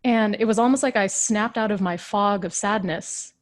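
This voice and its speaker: A woman in her thirties speaks as a coach in a live session, her voice pitched in an ordinary middle range. She tells her own story earnestly, with heartfelt emphasis and shifting tempo. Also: moderate pace. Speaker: leadership coach. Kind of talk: motivational personal storytelling.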